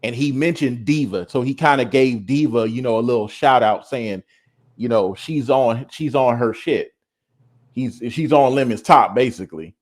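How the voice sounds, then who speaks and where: A man's voice: medium pitch, moderate pace. A man chatting casually as co-host, loose and rambling with lots of fillers and restarts. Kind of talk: casual gossip chat.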